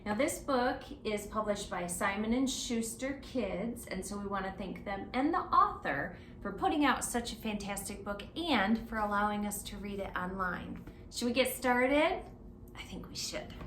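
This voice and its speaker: A woman's voice: mid-range voice, expressive, normal speed, fairly bright tone, echoey room, a little hiss or hum. A woman librarian reading a picture book aloud at children's story time, stopping often to ask the children questions. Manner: interactive, asks children questions.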